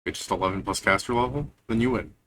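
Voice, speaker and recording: A man's voice: lowish voice, fast talker, a crowd in the background. A man running a tabletop game as game master, casual and profane, making rulings on the fly.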